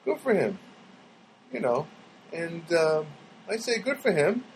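High, lively rambling man. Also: slow, slight background noise, rough recording. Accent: New York. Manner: rambling, animated storytelling. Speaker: comedian. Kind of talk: casual monologue.

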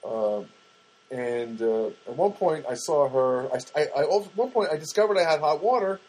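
A man with a husky, slightly raspy voice pitched a bit above the usual tells a long, digressive anecdote. He is wry, loses his thread and restarts, and acts out bits of dialogue along the way. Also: lively intonation, normal speed, darkish tone, rough recording. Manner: digressive, wry, full of restarts and acted-out quotes. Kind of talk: rambling anecdotal monologue.

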